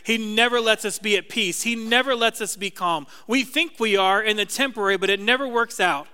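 A man's voice: sits high, brisk, sharp tone, clean tone, long reverb tail. A middle-aged man, a pastor, preaching a sermon in a conversational, self-deprecating storytelling way.

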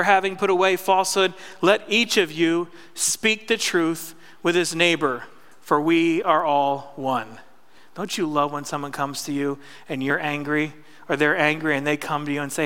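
Male pastor, high bright clear voice, conversational sermon, reverberant sanctuary. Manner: conversational preaching with audience call-and-response. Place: church sanctuary. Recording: long church reverb.

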